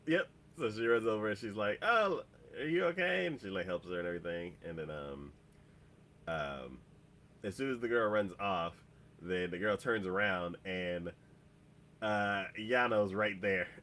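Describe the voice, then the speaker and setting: A man co-hosting a casual podcast, recapping a story in a rambling way full of "like" and "um". His voice is bright and forward, sitting a little low. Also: a little slow, a little hiss or hum. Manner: rambling, heavy on "like" and "um". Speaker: podcast co-host. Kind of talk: casual chat, recapping an episode.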